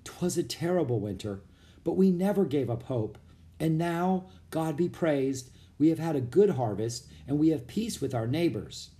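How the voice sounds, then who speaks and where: Male reader doing a young Pilgrim woman: formal, old-fashioned speech, a touch high, lilting. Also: expressive, normal speed, mellow, lightly acted. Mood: sorrowful.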